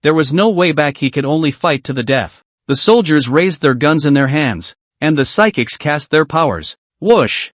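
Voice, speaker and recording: A man giving scripted narration of a comic recap in a steady dramatic storytelling manner. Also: on the high side, moderate pace, hardly any pauses, dry recording.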